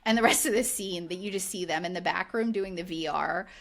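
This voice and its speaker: Her voice is lowish with vocal fry, and she talks a little fast. Co-hosting a podcast, she gives a casual recap, animated and heavy on "like," acting out the quoted lines.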